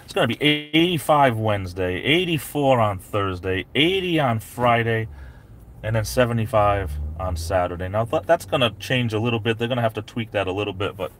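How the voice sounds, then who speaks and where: A man's voice: on the low side, expressive, moderate pace, fairly bright tone, slight background noise. A man hosting a casual live stream from his parked SUV, rambling on and greeting viewers by name. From New England.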